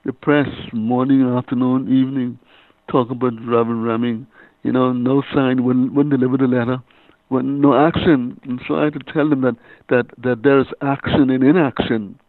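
An older man, a reverend and author being interviewed, who talks haltingly and often repeats his words. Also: medium pitch, little pitch movement, no room sound. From Bahamas. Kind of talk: casual interview storytelling. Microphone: phone. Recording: tinny phone line.

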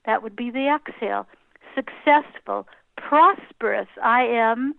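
A woman interviewed as a guest, gently and slowly talking a listener through a breathing meditation. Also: on the high side, creaky, dry recording. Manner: gentle, slow guidance with soft pauses. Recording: tinny phone-like line, dry.

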